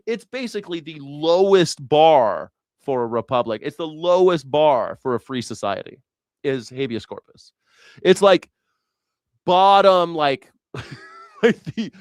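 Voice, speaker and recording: A man's voice: fairly high pitch, no echo, clean studio sound. A man hosting a news reaction show, sarcastic and incredulous and swearing freely. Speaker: host.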